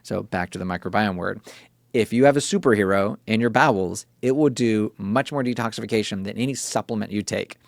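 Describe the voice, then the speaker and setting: Gravelly low-voiced Texas doctor explaining. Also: male voice, a little fast, no room sound, studio quality. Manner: animated, repeats key words, casual asides. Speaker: functional medicine doctor. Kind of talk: explanatory interview talk.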